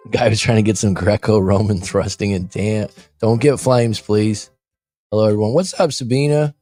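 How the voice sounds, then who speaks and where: On his coaching livestream, filmed abroad in a room by windows onto the street, a man chats loosely, jokes and reads out viewer comments. His voice is on the low side, mellow and steady at a moderate pace, with no room sound and soft music in the background.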